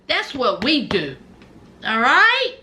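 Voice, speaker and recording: A woman's voice: high voice, huge pitch swings, takes it slowly, bright, forceful tone, slight background noise. A woman recapping a reality show in casual chat, talking sassily and directly to the people on screen and to viewers in slangy speech. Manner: slangy and chatty, addresses viewers as y'all.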